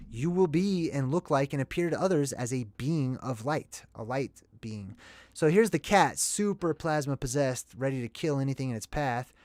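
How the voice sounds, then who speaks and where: A man hosting a casual movie commentary video, talking in a chatty, excitable and rambling way. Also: fairly high pitch, dry recording.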